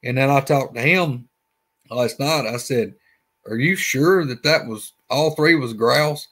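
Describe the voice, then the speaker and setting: A guest speaks with a Southern Alabama accent, his mid-range voice fairly bright and a little slow. He tells a casual story in a rambling, folksy manner, repeating himself along the way.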